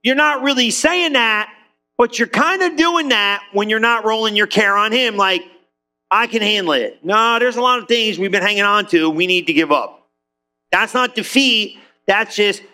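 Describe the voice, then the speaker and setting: A middle-aged pastor preaches in a voice that sits high, keeping things conversational and animated. He acts out quotes using little voices.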